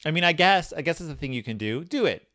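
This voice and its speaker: Male comic podcast host, past thirty, lively swooping delivery, rambling and self-deprecating. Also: on the high side, quick pace. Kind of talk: comic monologue answering questions from a children's book.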